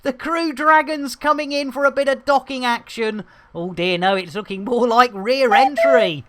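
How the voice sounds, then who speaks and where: A man's voice: extremely high pitch, normal speed, few pauses, heavy background noise. A man hosting a live gameplay stream, rambling through jokey banter and cheeky asides. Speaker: livestream host.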